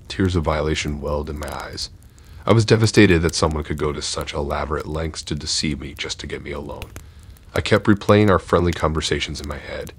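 A man giving a measured, steady first-person narration of a horror story. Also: a bass voice, slightly rough.

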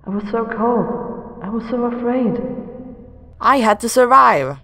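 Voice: medium pitch, unhurried, pushed and bright, echoey room, long reverb tail, pitched above the performer's own voice. A player reading as a mournful drowned twin ghost. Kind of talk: reading game dialogue aloud.

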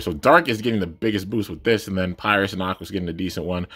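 Low-voiced enthusiastic young man. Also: fast, few pauses, a bit bright. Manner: enthusiastic, slangy, rambling. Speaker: toy reviewer. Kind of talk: casual unboxing vlog.

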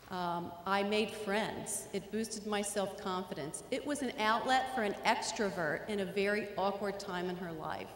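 A middle-aged woman telling a personal story in an earnest speech, with small stammers, in a large hall. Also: medium pitch. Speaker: hall of fame inductee giving a speech. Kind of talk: acceptance speech. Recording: echoey hall, long reverb, faint noise.

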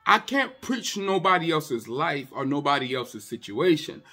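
A man's voice: a little high, big pitch swings, measured pace, husky, faint music behind. A male pastor preaching an impassioned sermon, repeating his points and turning to the congregation with conversational asides. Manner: impassioned, repetitive preaching that often rises to a shout.

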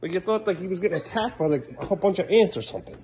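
At bedtime, a parent vlogger records a casual home video, talking with his children and occasionally snapping at them in frustration. The young dad's voice is high and darkish in tone, and he races through his words. He sounds exasperated, scolding in bursts.

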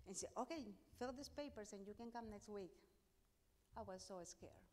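A woman's voice: mid-range voice, moderate pace, a little mellow. A middle-aged woman pastor with a Spanish accent, telling her testimony in a sermon and acting out the dialogue with emphasis. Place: church sanctuary. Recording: long hall reverb.

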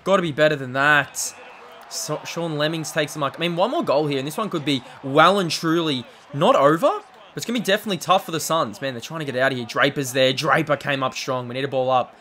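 A man giving excitable live play-by-play commentary on a football video game, swinging between shouted calls and low muttered asides. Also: fast. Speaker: gaming channel host.

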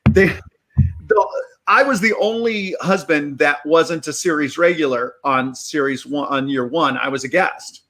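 A middle-aged actor telling a long anecdote as a guest, animated and acting out the dialogue. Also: male voice, fairly high pitch, measured pace. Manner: animated, acts out dialogue in quotes. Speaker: actor guest on a reunion show. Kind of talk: anecdotal storytelling.

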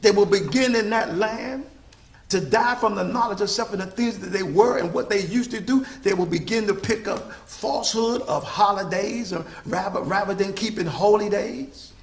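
A man's voice: high voice, moderate pace, echoey room. A man preaching a sermon with call-and-response, stretching out his key phrases for emphasis.

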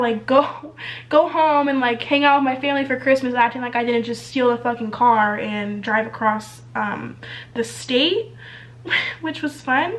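A young woman with a bright, high-pitched voice tells a rambling storytime while getting ready on camera. She talks in an animated, casual way, laughing often and swearing freely. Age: young adult. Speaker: vlogger. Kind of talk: storytime vlog while doing makeup.

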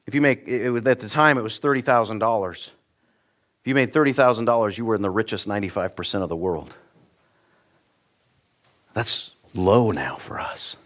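A middle-aged man from the United States, preaching a sermon in a church, earnest and direct, swinging between loud emphatic peaks and quiet low asides. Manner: earnest, direct, repeats words when starting a thought. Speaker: pastor.

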